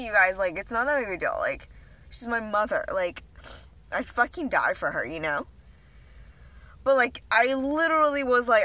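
Young woman ranting to camera, bright voice, sweary and rambly, lots of "like". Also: mid-range voice. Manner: rambling, heavy swearing, many fillers. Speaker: vlogger. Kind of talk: casual confessional vlog.

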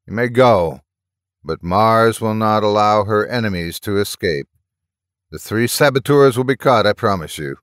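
A man's voice: on the low side, lively intonation, measured pace, smooth, dry recording, clean studio sound. A man voicing a stern, menacing male Martian officer who questions prisoners in a cold, commanding way.

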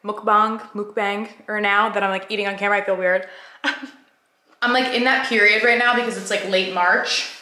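A woman's voice: mid-range voice, fairly even intonation, fairly quick, sharp tone, reverberant. A young woman vlogging casually at home, chatty and full of "like" fillers. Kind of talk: casual vlog chat. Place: home, indoors.

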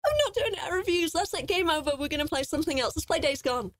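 A woman commenting on her gameplay as a let's play host, excitable and jumpy, swearing often. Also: high voice, quick pace, dry recording. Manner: excitable, swears a lot, jumpy and easily scared.

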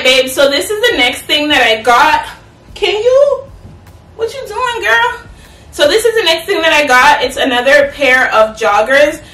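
Chatty high-voiced young woman in a roomy space. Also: pushed and bright. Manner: chatty, playful, talks straight to viewers. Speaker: fashion vlogger. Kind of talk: casual try-on haul chat. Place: at home, in an echoey room. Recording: roomy, from a distance.

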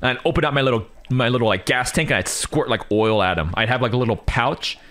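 A man's voice: mid-range voice, quick pace. A man streaming, chatting casually and rambling through stories with lots of energy. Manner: animated, rambling storyteller. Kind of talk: casual chat.

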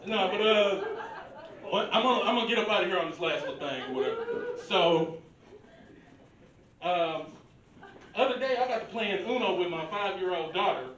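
A man's voice: high voice, animated, normal speed, pauses often, a bit bright, dull audio, a little hiss or hum. A man in his thirties from the American Midwest, doing a loose, profane, conversational stand-up set at an open mic in a bar. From Milwaukee, USA. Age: 30s. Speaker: stand-up comedian. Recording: roomy bar echo, distant mic.

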